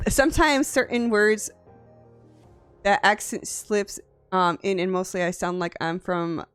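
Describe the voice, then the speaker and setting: Lively, soft-voiced woman streamer from Tennessee. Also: a little high, no room sound. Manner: chatty, swears freely, laughs often. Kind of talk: casual chat with viewers.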